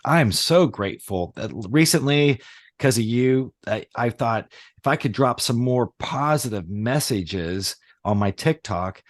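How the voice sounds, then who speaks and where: A middle-aged man talking casually on a podcast as host, rambling and animated, with many fillers and restarts. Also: medium pitch, dry recording. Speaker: podcast host, reality surfing teacher.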